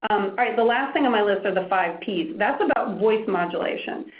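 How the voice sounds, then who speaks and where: A woman presenting a media training workshop, demonstrating how to use pause, pitch, pace and projection. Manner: animated, demonstrating voice techniques. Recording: echoey room, lo-fi phone-like sound.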